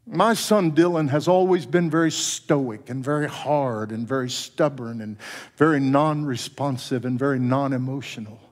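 A middle-aged man preaching a sermon as pastor, telling a story with soft, low quoted lines that climb into fervent passages. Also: moderate pace. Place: church sanctuary. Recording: long church reverb.

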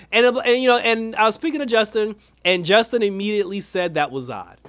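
A man's voice: sits high, fast talker, few pauses, dry recording. Laughing man recapping a cartoon episode. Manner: animated, laughing, acts out character lines. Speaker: show reviewer. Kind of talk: casual recap and review.

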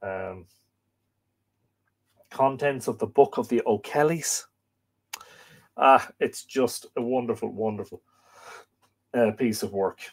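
A man's voice: mid-range voice, takes it slowly, pauses often, breathy edge. A man hosting a live stream, chatting casually, rambling with many fillers and restarts as he reads viewer comments. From Ireland. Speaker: host of a live stream on Irish mythology.

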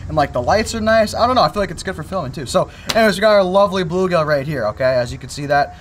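A young man chatting excitedly to viewers while fishing and cleaning fish outdoors, calling them folks and boys. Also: sits high, racing, slight background noise. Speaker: fishing vlogger. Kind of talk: casual outdoor vlog tutorial.

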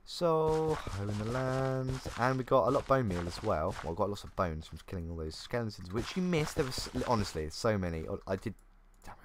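Young gamer, low voice with bouncy intonation, self-mocking running commentary. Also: male voice, a little hiss or hum. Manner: chatty, self-mocking, thinking aloud. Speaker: gaming YouTuber. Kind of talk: casual gameplay commentary. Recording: faint keyboard clicks.

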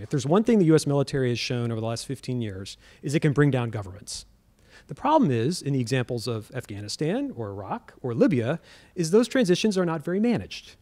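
A man's voice: mid-range voice, a little mellow. A man, a former government official, arguing in a public debate. He speaks earnestly, with frequent fillers and restarts.

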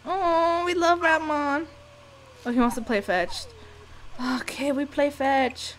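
A young woman giving casual, profane, excitable commentary over a life-sim game, scolding the characters as she plays. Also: high-pitched, slow, slight background noise. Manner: profane, excitable, talks to the sims. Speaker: gameplay commentator. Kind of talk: casual let's-play commentary.

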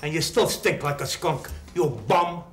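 A man's voice: a little high, moderate pace, a bit bright, close to an everyday voice. A man playing a brash, bossy loan shark. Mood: blustering. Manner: blustering, insulting, then soothing. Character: young male loan shark, brash, bossy, quick-tempered. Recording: echoey room.

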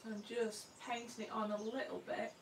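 A woman artist talks through a live painting session in a homely, self-deprecating way, murmuring asides as she works. Her voice has a gravelly fry to it. The sound is roomy and a little distant from the microphone. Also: a little high, little pitch movement, fairly quick, slight background noise. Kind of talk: live painting demonstration, chatty commentary. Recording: roomy sound from away from the mic.

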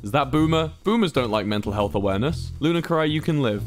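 A young man hosts a game stream in a playful, mock-commanding way, reading out players' jokes as he goes. His pitch swings widely as he talks. Soft music plays faintly behind him. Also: animated, fast talker. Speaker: streamer hosting a game event. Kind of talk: live-streamed game commentary.

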